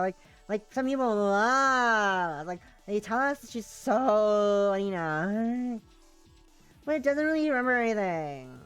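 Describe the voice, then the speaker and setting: A woman's voice: a little high, a bit bright, clean tone. Woman voicing a giddy, clingy childlike girl. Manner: breathless valley-girl rambling, full of "like".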